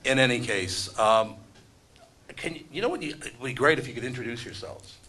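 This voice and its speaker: A middle-aged radio host emcees a live event with a bright, forceful voice. He trades wry, sarcastic asides and self-deprecating jokes with the audience. His pitch sits in an ordinary male middle range. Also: expressive, a little fast, a little hiss or hum.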